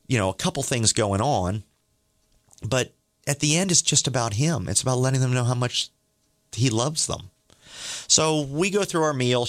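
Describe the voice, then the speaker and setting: A man's voice: medium pitch, a bit bright, no echo, clean studio sound. A middle-aged man hosting a faith podcast, telling stories in an earnest, eager way. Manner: earnest, eager, acts out quoted dialogue. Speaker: podcast host. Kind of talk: testimony storytelling.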